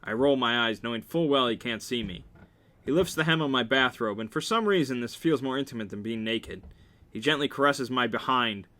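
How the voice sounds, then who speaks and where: A man reads a novel aloud with a bright, forward tone and a middling pitch. He keeps it wry and casual, dropping joking asides between passages. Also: fairly quick. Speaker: reader.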